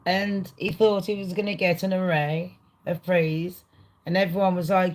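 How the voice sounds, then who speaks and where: A woman hosting a livestream, ranting casually to her chat in an excitable, rambling way, swearing a lot. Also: fairly low pitch, normal speed, poor audio. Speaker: livestream host. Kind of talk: casual rant to a live chat.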